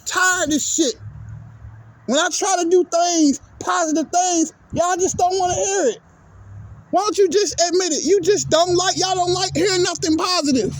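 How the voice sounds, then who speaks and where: A man's voice: very high voice, fairly even intonation, normal speed. A man hosting his own sports channel, delivering a heated, profane, repetitive rant at his viewers. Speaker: sports vlogger. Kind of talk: angry ranting monologue.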